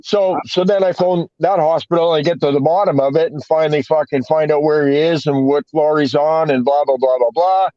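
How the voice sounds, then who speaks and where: Profane, rambling man, higher-pitched. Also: fairly even intonation, a little fast, hardly any pauses, warm tone, no echo. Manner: profane, rambling storyteller, heavy swearing and fillers. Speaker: podcast co-host telling a story. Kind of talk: casual chat. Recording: dull, dry lo-fi podcast audio.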